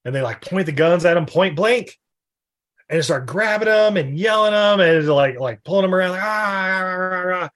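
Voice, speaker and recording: A man hosting a podcast, retelling a movie scene in casual chat, rambling with lots of laughs and quick put-on character voices. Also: high-pitched, expressive. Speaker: podcast host. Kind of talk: casual film recap chat.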